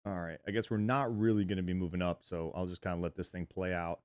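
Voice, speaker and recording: A man's voice: deep voice, steady tone, fast, darkish tone, clear, resonant tone, no echo. A man hosting a sports podcast, joking around loosely with some swearing. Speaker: podcast host. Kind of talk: casual podcast banter.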